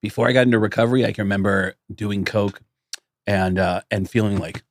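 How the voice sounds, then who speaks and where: A middle-aged man co-hosting a casual podcast, telling stories in an animated way and acting out the people in them. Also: fairly low pitch, brisk, no echo. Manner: animated storyteller acting out voices. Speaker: podcast co-host. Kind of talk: casual chat.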